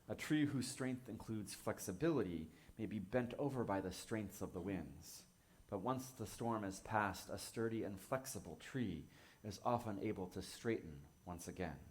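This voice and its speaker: Gentle, low-voiced male minister. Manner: gentle, measured, reflective. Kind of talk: sermon.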